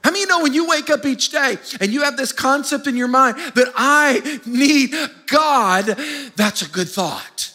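A man's voice: very high-pitched, expressive, brisk, few pauses, sharp tone. A man preaching a sermon as pastor, emphatic and drawing spoken responses from the congregation. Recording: long hall reverb.

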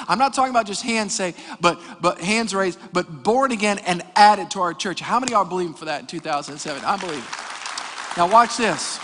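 A pastor, preaching an energetic sermon with jokes and calls to the congregation. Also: male voice, sits high. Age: 40s. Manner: energetic preaching with jokes and crowd call-outs. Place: church hall. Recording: reverberant church hall.

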